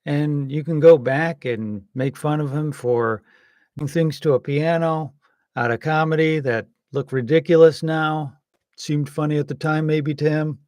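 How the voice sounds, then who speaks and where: A man giving casual, rambling political commentary, hesitant with many pauses and some wry jokes. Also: a little high, fairly even intonation, darkish tone, no echo, studio quality. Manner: wry and joking.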